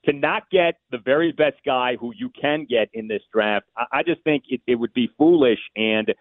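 A man giving measured, opinionated analysis on sports radio, thinking aloud with small restarts. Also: medium pitch, no room sound. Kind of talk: call-in sports radio talk. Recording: tinny phone line.

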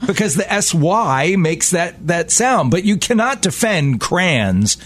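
A man's voice: high-pitched, sing-song, slow pace, a bit bright. A man with a Baltimore accent co-hosting a casual radio show, teasing and laughing often. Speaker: radio co-host.

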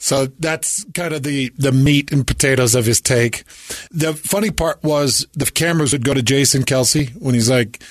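A man co-hosting a casual sports talk show. He retells clips in an animated way and slips into quick impressions. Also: medium pitch. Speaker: co-host.

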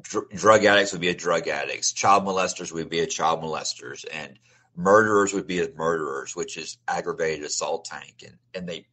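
A middle-aged man speaks as an interview guest in a low, husky voice with a bright, forceful edge. He tells his own story earnestly and keeps restarting and repeating his phrases as he goes. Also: normal speed. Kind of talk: personal testimony in a conversational interview.

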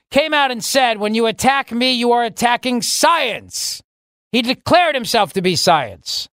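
A man hosting a political talk radio show, delivering a sarcastic, mocking monologue with sudden jumps in pitch for emphasis. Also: a bit bright, no echo, clean studio sound.

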